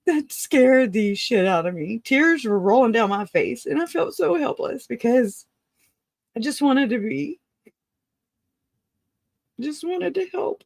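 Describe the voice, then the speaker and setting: A woman giving an emotional personal account of a family loss, halting and restarting, earnest and raw, with casual swearing. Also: on the high side, animated, a little mellow, dry recording, studio quality. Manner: halting, full of restarts and self-corrections. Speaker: grieving relative.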